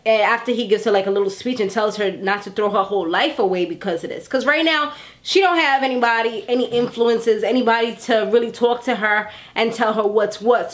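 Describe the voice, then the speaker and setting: A woman in her thirties casually recapping a TV episode in a chatty, animated way, acting out characters' lines as she goes. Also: mid-range voice. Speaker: TV recap vlogger. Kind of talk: casual chat.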